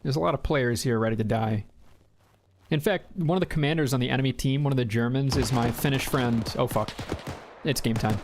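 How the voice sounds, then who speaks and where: A man's voice: mid-range voice, brisk, background noise. A man streaming a war game, chatting casually, swearing, and giving squad orders over voice chat.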